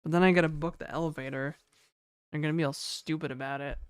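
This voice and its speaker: A woman's voice: low-pitched, fairly even intonation, quick pace, clear, resonant tone, no echo, clean studio sound. A woman streaming live, chatting to her viewers in a laid-back, slangy way. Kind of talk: casual live-stream chat.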